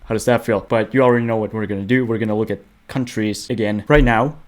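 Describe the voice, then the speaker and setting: A man's voice: on the low side, fairly even intonation, fast talker. A young man hosting a casual gaming news roundup, joking and poking fun at himself as he talks into a webcam. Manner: playful, jokey, self-mocking. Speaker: host of a game news show. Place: away from home.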